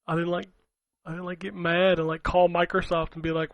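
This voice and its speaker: High-voiced man chatting, laughing a lot. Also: level tone, fairly quick, no room sound, highs cut off. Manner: laughing, rambling, profane. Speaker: podcast co-host. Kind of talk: casual chat.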